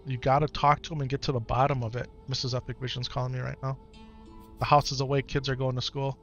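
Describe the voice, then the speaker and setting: A man in his thirties at home, talking gently and patiently to his young son, then chatting casually with his live-stream viewers. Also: medium pitch, flat delivery, quick pace, muffled recording. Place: home, in the morning. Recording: clear background music under voice. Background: music.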